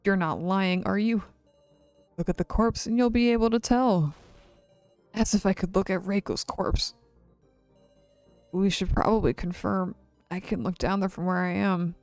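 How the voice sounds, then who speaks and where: A woman's voice: medium pitch, measured pace, long pauses, a little mellow, dry recording, soft background music. A woman streamer reading a visual novel aloud, breaking off to gasp and react. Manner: reads dialogue with reactions and gasps in between.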